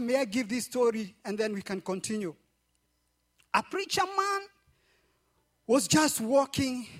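High-voiced lively preacher man. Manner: repetitive call-and-response preaching. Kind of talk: sermon with storytelling.

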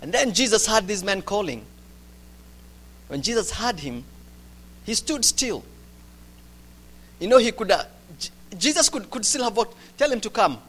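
A man delivers a sermon. He moves between loud, urgent stretches and quiet, hushed ones. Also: sits high, sing-song, normal speed, long pauses. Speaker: preacher.

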